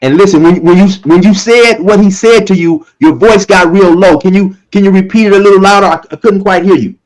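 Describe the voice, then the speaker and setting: A man with a fairly high voice interviews a guest. He asks short questions and gives quick prompts. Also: poor audio.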